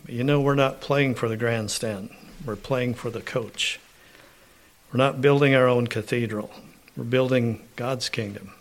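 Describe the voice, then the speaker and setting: A man delivers a sermon at a slow, deliberate pace, and his pitch sits in the middle range. He often pauses to clear his throat. When he reads scripture aloud, his emphasis builds. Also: steady tone. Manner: slow, unhurried preaching with frequent throat clearing. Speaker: preacher.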